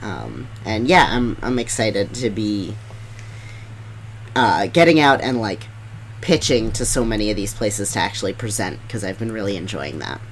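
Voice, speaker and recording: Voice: medium pitch, lively intonation, normal speed, slight background noise. A podcast co-host with a mid-range voice in easygoing chat. The delivery is loose and upbeat, sprinkled with ums and likes.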